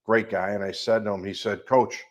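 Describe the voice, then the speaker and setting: Man, middle-aged, Midwestern accent, life coach, fairly low voice, emphatic, rattles off long lists. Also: flat delivery, brisk. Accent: Midwestern American. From American Midwest. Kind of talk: coaching call talk.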